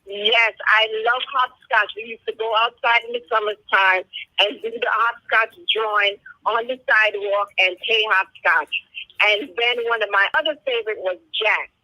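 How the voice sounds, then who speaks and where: Jamaican woman caller, bright and excitable. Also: medium pitch, normal speed, no room sound, poor audio. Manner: excitable storyteller, animated in quoted speech. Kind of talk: phone-in chat. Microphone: phone line.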